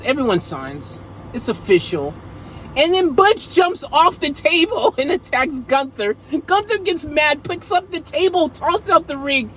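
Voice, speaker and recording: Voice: medium pitch, slight background noise, low-quality recording. A wrestling show recapper chatting casually through a rundown, slangy and rambling, with jokey asides.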